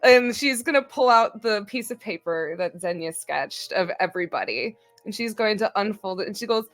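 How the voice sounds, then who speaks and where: A woman's voice: medium pitch, normal speed, few pauses, dry recording, soft background music. A woman playing a tabletop game, describing her character's actions in chatty, giggly narration. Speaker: player. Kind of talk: casual play narration.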